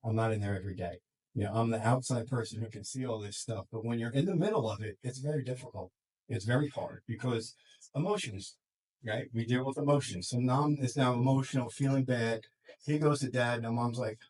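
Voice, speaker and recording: Middle-aged male counselor, mid-pitched, casual and animated with a group. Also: poor audio. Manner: animated, acts out parents and kids in quick quoted voices, laughs often. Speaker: school counselor and life coach. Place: room with students and parents.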